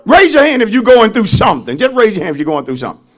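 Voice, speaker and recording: A pastor preaching with a high, swinging voice that jumps from quiet asides to shouts. He is a man who calls to the congregation and waits for their replies. Some loud lines sound as if he has stepped back from the mic. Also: sing-song, racing. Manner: call-and-response preaching, shouted peaks. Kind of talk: sermon.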